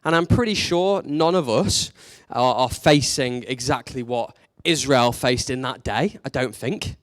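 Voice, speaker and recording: A man's voice: medium pitch, measured pace, no echo, studio quality. A man preaching a sermon in a conversational, candid way, leaning into emphatic rhetorical questions.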